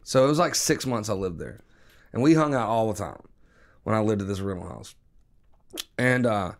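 A man's voice: lowish voice, moderate pace. Profane man telling a podcast story. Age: 40s. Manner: animated, profane, mimics voices in quotes. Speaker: podcast host.

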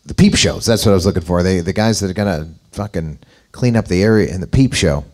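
A man's voice: deep voice, fast talker, a little mellow. A man co-hosting a podcast, trading crude jokes in casual chat, stumbling over his words. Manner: crude, joking banter. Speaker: podcast co-host.

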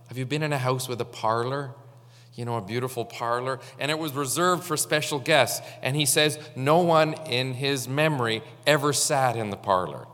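Male pastor, mid-pitched, unhurried sermon with many filler pauses, long church reverb. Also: sharp tone. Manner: halting, with frequent fillers.

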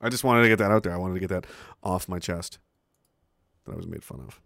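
A man's voice: low voice, quick pace, creaky, a bit bright, no echo. A young man streaming, rambling through a casual story with profanity, frequent laughter and acted-out quotes.

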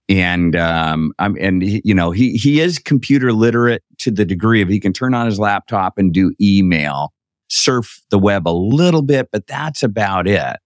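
Animated male storyteller, low voice. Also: dry recording, studio quality. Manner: animated storyteller, acts out quoted dialogue. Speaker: guest. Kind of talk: storytelling in a podcast interview.

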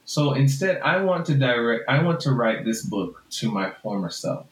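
A man's voice: mid-range voice, sing-song, normal speed, slight background noise. A man with a Jamaican accent, a book author talking frankly and reflectively in an interview, often laughing. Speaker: author guest. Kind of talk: interview conversation. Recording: roomy room with faint music.

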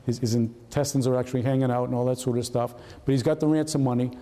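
A man in his seventies from Massachusetts tells war stories from his career to an audience. His voice is mellow and relaxed, and it carries a long reverb, as if he is speaking in a large hall. He talks casually, restarting and repeating words and voicing the people in his tales. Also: mid-range voice, quick pace. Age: 70s. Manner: conversational, repeats words, acts out dialogue. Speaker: retired FBI agent giving a talk. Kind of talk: storytelling lecture with slides.

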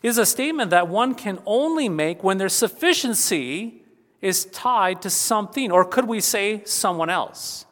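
Guy giving a funeral sermon, earnest, keeps repeating the big lines, kinda high voice, long echo off the hall. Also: animated, moderate pace, fairly bright tone. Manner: earnest, repeats key phrases for emphasis. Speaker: pastor.

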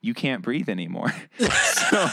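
A man's voice: medium pitch, wildly swooping pitch, slow, gravelly, bright, forceful tone, no echo. A man co-hosting a podcast, chatting casually and animatedly, often laughing and restarting his sentences. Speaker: podcast co-host. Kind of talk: casual chat.

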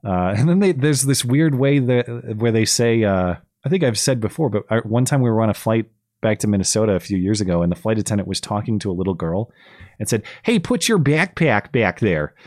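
Low-voiced man hosting a call-in show. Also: fast, mellow, dry recording, studio quality. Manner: rambling with fillers and restarts. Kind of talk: casual chat.

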